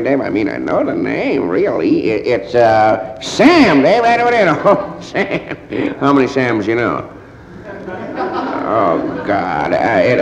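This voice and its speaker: A man's voice: medium pitch, creaky. A man doing a stand-up comedy monologue as one side of a phone call, rambling groggy and sheepish with constant stammers and hesitations. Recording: roomy, dull, hissy old vinyl live recording.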